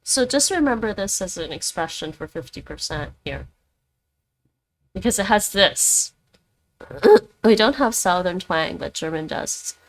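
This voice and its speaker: A woman whose first language is Dutch chats with her livestream viewers, leisurely and unhurried. She speaks at a mid pitch into a desk microphone from home and often reads text aloud. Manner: chatty, talks to her chat by name, reads aloud. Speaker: streamer learning languages. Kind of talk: casual livestream chat.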